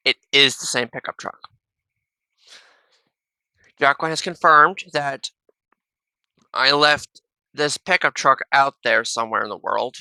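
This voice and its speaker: A man with a very bright, forceful voice chats casually to his viewers through a wireless headset. His tone is smooth and clear, and he rambles, restarting sentences and tagging "though" onto almost everything he says. The sound is close and dry. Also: mid-range voice, a little slow, pauses often, no room sound. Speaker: reaction video host. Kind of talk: casual reaction commentary. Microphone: wireless gaming headset.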